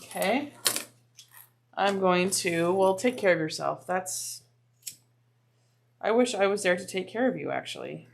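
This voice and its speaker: A woman's voice: medium pitch, animated, a little slow, gravelly, long pauses, slight background noise. A woman hosting a live sewing stream from a home crafting room, chatting casually with viewers as she works. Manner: chatty, drops to soft asides, playful voices. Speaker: livestream host sewing bags.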